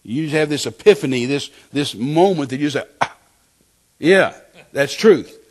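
Older preacher telling a testimony. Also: male voice, a little high, normal speed. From West Texas. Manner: animated storytelling, repeats phrases, acts out quotes. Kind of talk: sermon testimony.

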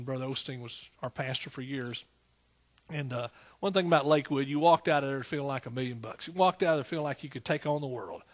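A man's voice: fairly high pitch, fairly bright tone. A middle-aged man with an East Texas accent preaching a sermon in a folksy, call-and-response manner. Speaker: pastor.

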